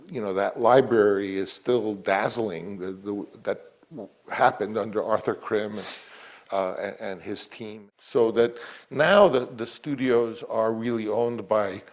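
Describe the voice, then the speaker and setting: A man, a film director, talking reflectively in an interview, rambling with many restarts. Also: lowish voice.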